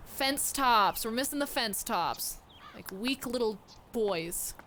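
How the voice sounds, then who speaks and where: A woman's voice: on the high side, lively intonation, slow, pushed and bright, slight background noise. A young woman streaming a game, chatting playfully with her viewers and joking at the screen. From not American. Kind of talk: casual live-stream chat while gaming. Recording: music playing behind. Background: background music.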